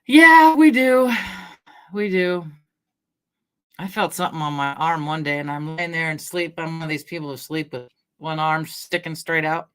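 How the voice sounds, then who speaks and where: Low-voiced chatty woman livestreaming. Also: steady tone, moderate pace, a bit bright, clean tone. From Washington State, US. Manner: chatty, rambling, laughs often, greets viewers by name. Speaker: livestream host. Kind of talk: casual chat with live chat readers.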